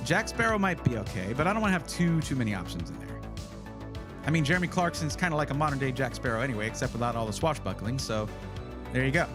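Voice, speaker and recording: A man's voice: mid-range voice, sing-song, fast talker, over music. A man hosting a casual livestream, chatty and rambling, often correcting himself as he talks. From United States. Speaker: livestream host.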